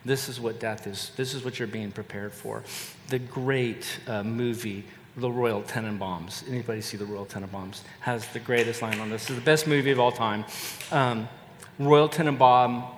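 An older man delivers a sermon in an earnest, measured way, often repeating a phrase for weight. His mid-pitched voice rings out in a large hall with a long reverb tail. A faint hum of ambience hangs behind him. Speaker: pastor.

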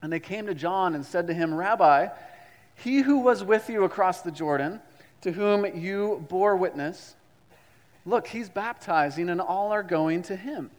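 A man's voice: high-pitched, a little slow. Preaching man in a reverberant hall. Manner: preaching with call-and-response and repetition. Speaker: pastor. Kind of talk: sermon.

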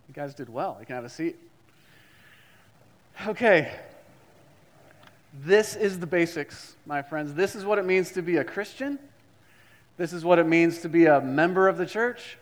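A man's voice: a little high, animated, a little slow, pauses often, big-room sound. A man preaching a sermon as a pastor, reading scripture and leading the congregation in call-and-response with repetition.

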